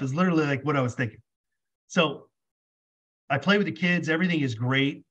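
A man's voice: a little high, moderate pace, long pauses, lo-fi sound. A man, a podcast guest, telling a personal story casually, acting out both sides of conversations with lots of "like". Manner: animated storyteller acting out dialogue, many "like"s.

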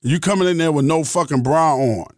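A man mimicking a brash young mother who loudly and profanely dismisses complaints about her son. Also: fairly high pitch, brisk, no room sound, studio quality, natural voice. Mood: defiant.

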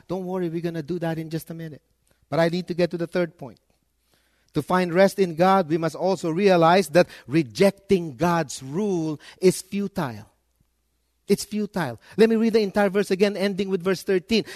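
Male pastor, high voice, dry close sound, emphatic sermon delivery with soft-to-loud swings. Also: normal speed, no echo.

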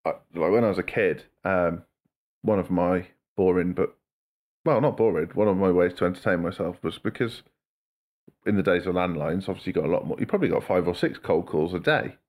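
A man's voice: low-pitched, fairly quick, a little mellow. A man co-hosting a podcast, chatting casually and telling stories with mocking voices. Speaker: podcast co-host.

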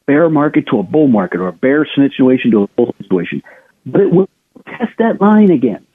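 A husky-voiced man hosts a radio show, walking listeners through the week's markets in a loose, conversational way. He speaks at a middling pitch, stumbles and restarts often, and talks to the audience as "folks". The sound is thin and narrow, like a phone line. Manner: chatty, addresses listeners directly, many restarts. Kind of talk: financial market commentary.

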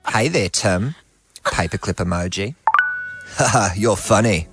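Man doing flirty dating-app suitor voice, very animated pitch, music behind. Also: unhurried. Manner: reading out chat messages in playful suitor voices.

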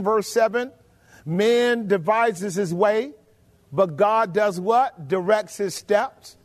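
A man preaching a sermon, emphatic and full of rhetorical questions to his congregation, drawing out key phrases slowly. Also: high voice. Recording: long hall reverb.

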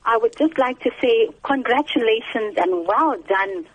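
A woman calling in to a radio show, a parent who talks in a polite, earnest and measured way. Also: fairly high pitch, lively intonation, husky. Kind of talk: phone-in call. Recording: tinny phone line.

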